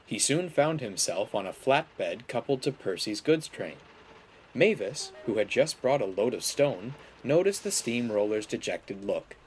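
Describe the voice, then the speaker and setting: A man reading a children's story aloud in an expressive, dramatic narration. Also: medium pitch, measured pace, slight background noise.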